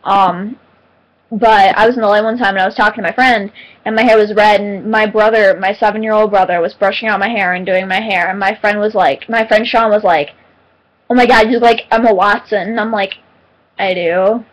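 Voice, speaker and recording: A teenage girl answering viewer questions in a casual vlog, chatty and giggly with lots of ums and excitable retellings. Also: medium pitch, fairly quick, poor audio. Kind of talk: casual chat.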